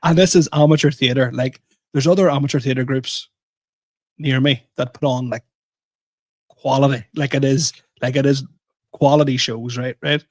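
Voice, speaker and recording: A man's voice: mid-range voice, moderate pace, no echo. A man co-hosting a podcast, telling a story in casual chat and poking fun at himself. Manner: animated, self-mocking storyteller. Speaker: podcast co-host.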